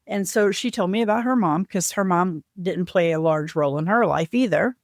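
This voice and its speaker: A woman guest on a podcast, earnestly retelling a personal family story and voicing the people in it with lively shifts. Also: mid-range voice, brisk, hardly any pauses, dry recording, clean studio sound. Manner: earnest, animated retelling with lively voiced quotes.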